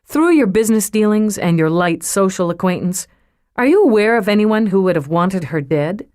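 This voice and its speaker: A woman's voice: mid-range voice, expressive, moderate pace, a little mellow, no echo, studio quality, lightly acted. A woman voicing a blunt, guarded police lieutenant who speaks shortly and testily, in an audiobook. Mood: curt, testy. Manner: short, testy, curt. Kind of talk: audiobook character reading.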